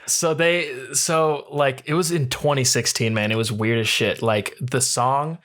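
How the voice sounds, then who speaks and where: A man's voice: mid-range voice, fairly even intonation, measured pace, a bit bright. A young man co-hosting a podcast from home over a voice call, reading quiz questions and chatting loosely with casual swearing. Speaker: podcast co-host. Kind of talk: casual chat, quiz host. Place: home room, remote call. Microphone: voice call over internet.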